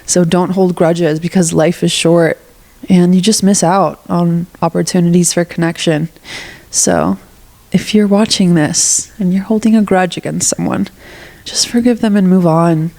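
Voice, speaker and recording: A woman's voice: fairly low pitch, a little slow, creaky. A young woman hosting a solo podcast with a stuffy nose, talking candidly and casually, swearing now and then and acting out what she would say. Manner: candid, animated, swears casually, acts out quoted lines. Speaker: podcast host.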